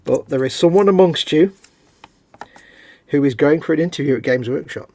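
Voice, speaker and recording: A man's voice: a little high, normal speed, mellow. A man co-hosting a casual live stream, joking around and reading out chat messages. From United Kingdom. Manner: jokey, reads out chat messages.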